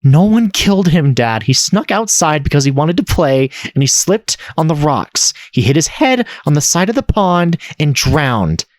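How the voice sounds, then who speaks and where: A man's voice: on the high side, sing-song, normal speed, few pauses, no room sound, clean studio sound, voice pushed up. A man voicing a worried young adult daughter in a game, pleading with her father through tears.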